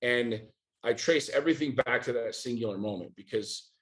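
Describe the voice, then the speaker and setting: A middle-aged man from the United States talks as a podcast guest in a mid-pitched voice. He is blunt and profane, hammering his points home with rapid rhetorical questions. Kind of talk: candid interview talk.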